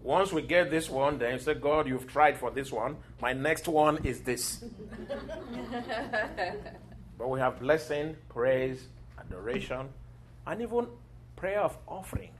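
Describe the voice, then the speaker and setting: A man preaching a sermon, telling scripture stories with lively acted-out quotes and occasional laughter. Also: medium pitch, measured pace, long pauses, slight background noise. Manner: animated storytelling, acting out quoted voices and laughing.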